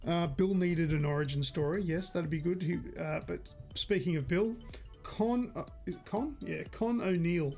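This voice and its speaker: Chatty high-voiced man. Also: moderate pace, gravelly, darkish tone, soft background music. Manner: chatty, rambling, self-correcting. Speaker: podcast co-host. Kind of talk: casual gaming podcast chat.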